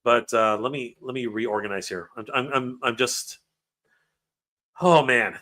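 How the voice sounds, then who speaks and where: A man's voice: medium pitch, fairly even intonation, normal speed, bright, forceful tone. A man hosting a livestream, reading viewer comments aloud, emotional and stammering over his words. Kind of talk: casual livestream chat.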